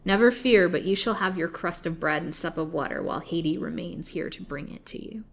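A greedy old witch of a jailer, put on by a woman reading a storybook, who barks her taunts loud and scornful. The voice sits on the low side and snarls rather than speaks. Every line sounds like a threat. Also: brisk. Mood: grudging. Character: furious old hag jailer, cruel and greedy.

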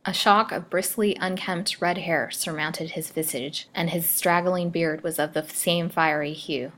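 A woman's voice: lowish voice, unhurried. Woman narrating a dramatic story. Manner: dramatic, expressive reading. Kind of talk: scripted narration.

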